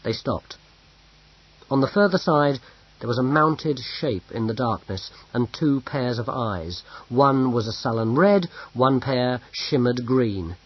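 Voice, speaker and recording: A man reads a story aloud at a slow, measured pace. His voice is husky, with a medium pitch. The recording is dull and lo-fi. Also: animated. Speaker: audiobook narrator. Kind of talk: scripted narration. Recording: dull lo-fi audio.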